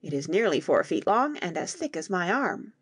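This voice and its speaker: A woman voicing an excitable teenage boy in an audiobook, exclaiming and lively. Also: lowish voice, moderate pace, slightly rough, no echo, clean studio sound. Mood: proud.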